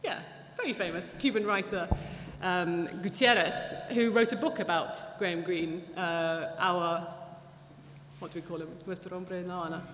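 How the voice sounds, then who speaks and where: Female guest speaker, lively storyteller, echoey hall sound. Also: lowish voice, normal speed. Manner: chatty, animated, many restarts and fillers. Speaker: guest speaker at a public talk. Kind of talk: anecdotal lecture with audience Q&A. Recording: echoey hall, faint background noise.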